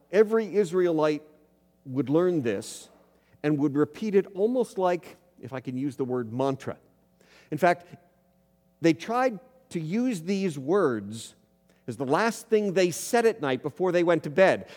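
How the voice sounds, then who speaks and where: A man's voice: fairly high pitch, darkish tone. A man preaching a sermon, reading scripture aloud and putting questions to his congregation in an earnest tone. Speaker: pastor. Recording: long hall reverb.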